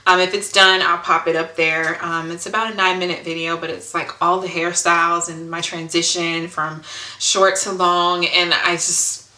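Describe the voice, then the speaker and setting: A woman tells a personal hair story to the camera in a casual home vlog. Her voice is bright and a little low, with earnest feeling and many ums as she checks her notes. The room around her sounds echoey. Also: level tone, moderate pace. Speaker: hair vlogger.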